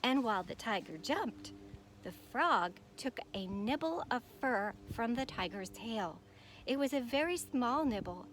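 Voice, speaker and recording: A woman teacher reads a picture book aloud to children, her voice a little high and full of expression. A faint hiss sits under the recording. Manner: expressive, animated storytelling.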